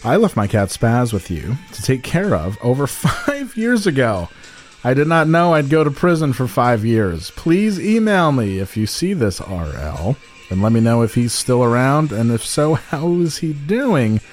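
A man's voice: medium pitch, sing-song, unhurried, faint music behind. A man co-hosting a comedy podcast, reading personal ads aloud with profanity and mock drama. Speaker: podcast co-host.

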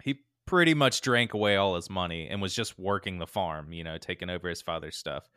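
A man co-hosting a podcast, telling a true-crime story in a laid-back, animated way with lots of fillers. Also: low-pitched, brisk, smooth, dry recording, clean studio sound. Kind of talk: casual storytelling chat.

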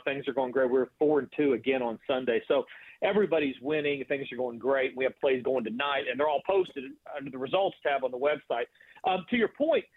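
A confident man calling in as a sports betting guest, his voice on the higher side. He talks in a promotional way, laying out his analysis. The call sounds tinny and dry, like a phone line. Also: no room sound.

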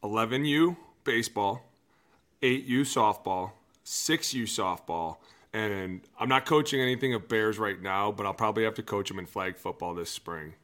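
A man in his thirties, a podcast co-host and former football lineman, telling loud joking stories in casual banter. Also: moderate pace. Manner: loud, joking storyteller who swings between shouts and low asides.

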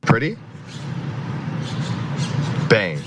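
Man giving dog commands in a noisy clip. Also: very slow. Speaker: man in a played video clip. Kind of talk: coaxing commands, as if training a dog. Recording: noisy clip audio played back.

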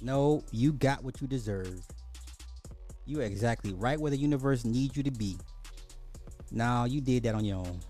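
A man's voice: medium pitch, normal speed, long pauses, darkish tone, soft background music. A man hosting a podcast, ranting bluntly in casual social commentary, full of profanity and sarcastic apologies. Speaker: podcast host.

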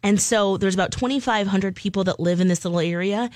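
A woman's voice: mid-range voice, fast, darkish tone, no room sound. A woman co-hosting a morning radio show, telling a news story in a chatty way. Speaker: radio co-host reading news stories. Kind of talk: casual news chat.

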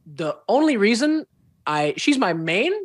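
A young man from Indonesia, a performing arts student, chatting as a podcast guest and telling lively stories with a playful streak. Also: high-pitched, a little slow, no echo, clean studio sound. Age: young adult. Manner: enthusiastic storyteller, slips into playful character voices. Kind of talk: casual podcast interview.

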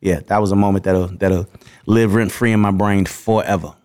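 A male guest telling anecdotes in a casual, animated way. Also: sits low, normal speed. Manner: animated, acts out voices. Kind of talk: casual storytelling.

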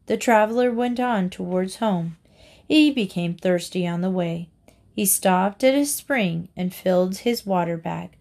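Woman slowly reading fables aloud. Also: medium pitch, darkish tone. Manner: slow, deliberate reading aloud. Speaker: reader. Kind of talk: storybook narration.

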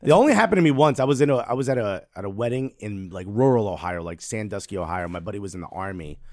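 A man from Newark, New Jersey, rattles off comedic anecdotes at a quick clip on a podcast. His delivery is slangy and animated, and he often laughs mid-story. The sound is dry and close, with no room around it. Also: on the low side, dry recording. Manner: animated, slangy, laughs while telling stories. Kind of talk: casual comedic chat and storytelling.

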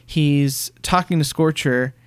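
A man's voice: fairly high pitch, slow pace, clear, resonant tone, no room sound. A man co-hosting a casual podcast, recounting scenes in a chatty, storytelling way. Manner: chatty storyteller who acts out bits of scenes. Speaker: podcast co-host. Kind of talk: casual chat.

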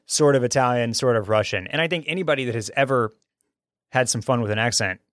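A talkative man in casual conversation, eager and quick to jump between thoughts, often restarting his phrases. His voice sits at an ordinary middle pitch. The sound is close and dry, with no room around it. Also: a bit bright, dry recording. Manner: enthusiastic, talkative, frequent restarts. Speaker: podcast host reviewing a film. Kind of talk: casual chat.

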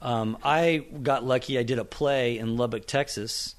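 A middle-aged man talks on a podcast in a mid-pitched, everyday voice. He is a screenwriter telling anecdotes in a relaxed way. He slips into other people's lines as he goes. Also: measured pace. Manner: animated, acts out quoted voices in anecdotes. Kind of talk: casual storytelling interview.

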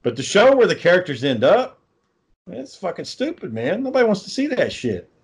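A man with a slightly high voice rants in casual conversation, cursing freely and mocking what he dislikes. His delivery is loose and sarcastic, with plenty of restarts as he works himself up. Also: very animated, fairly quick, gravelly, breathy edge. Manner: ranting, sarcastic, swears constantly. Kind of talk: casual profane chat.

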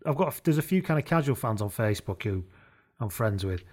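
Brief: animated, jokey co-host who laughs a lot. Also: male voice, fairly low pitch, brisk. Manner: jokey, laughs often, does mock voices. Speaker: podcast co-host. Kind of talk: casual chat about rugby.

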